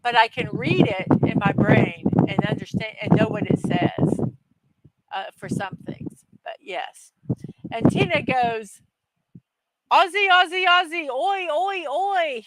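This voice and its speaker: Speaking a little slowly in a mid-range voice, this woman runs a daily morning livestream, reading the chat aloud. She's chatty and self-deprecating with frequent laughter, though the audio quality is poor.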